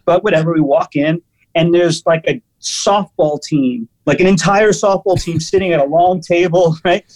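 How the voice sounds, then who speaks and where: A man's voice: on the high side, normal speed, rough recording. A man, a guest musician, telling casual stories animatedly with lots of restarts. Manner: animated, restarts often, laughs through stories. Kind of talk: casual storytelling.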